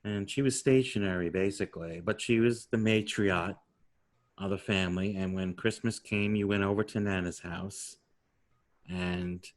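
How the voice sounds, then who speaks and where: Sixty-year-old New York man hosting a podcast. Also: fairly low pitch. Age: 60s. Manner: chatty, rambling, laughs easily. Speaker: podcast host. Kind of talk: casual interview chat.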